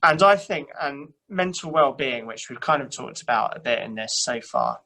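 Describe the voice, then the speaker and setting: A man's voice: medium pitch, lively intonation, moderate pace, creaky, bright, forceful tone, low-quality recording. A young man, a church youth worker, chatting casually and self-deprecatingly, with many fillers and restarts. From England. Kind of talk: casual chat.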